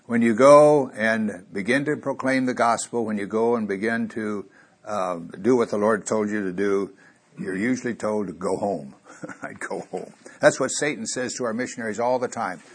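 A man preaching a sermon, telling a Bible story and getting louder when he quotes scripture. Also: fairly low pitch. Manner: animated, rising loud on quoted scripture.

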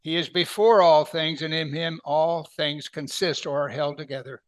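A man preaching a Bible sermon, emphatic, lifting his voice on key words and then dropping it soft. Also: on the high side, fairly even intonation, normal speed, dry recording. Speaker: pastor.

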